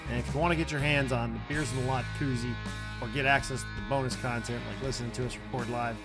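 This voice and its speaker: A man's voice: medium pitch, fast, music in the background. A man hosting a casual podcast, telling stories with friends and laughing often. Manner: animated storyteller, laughs often. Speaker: podcast host. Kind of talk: casual chat among friends.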